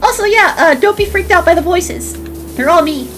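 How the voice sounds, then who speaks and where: A woman's voice: very high voice, animated, normal speed, a bit bright. A woman streaming in casual chat, playful and crude, with a very flexible voice she switches around.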